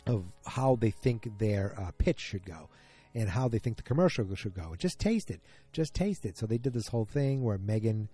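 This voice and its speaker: A man's voice: lowish voice, moderate pace, mellow, soft background music. A man hosting a casual solo podcast, retelling events in a rambling, self-correcting way. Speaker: podcast host.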